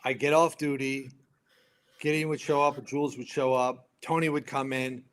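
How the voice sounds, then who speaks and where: A man's voice: mid-range voice, a little slow. A man, a retired firefighter telling stories as a podcast guest and acting out the lines of the people in them. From United States. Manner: animated storyteller acting out other people's lines. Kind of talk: storytelling in casual conversation.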